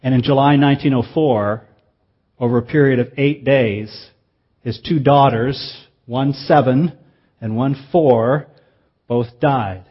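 A man preaching a sermon in an earnest, measured way, slowing down for emphasis. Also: mid-range voice, husky, muffled recording.

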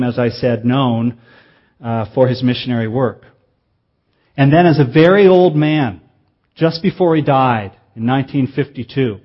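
A man preaching a sermon in an earnest, measured way, slowing down for emphasis. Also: medium pitch, lo-fi sound.

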